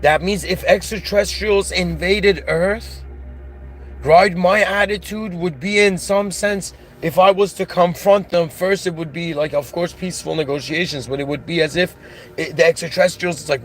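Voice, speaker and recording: A man's voice: high-pitched, steady tone, moderate pace. A man giving a philosophical monologue, earnest and growing emotional as he talks. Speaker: channel host.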